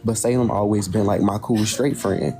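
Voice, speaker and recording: A man calmly explaining his side of a dispute to the camera, in a laid-back, matter-of-fact way. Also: lowish voice, normal speed.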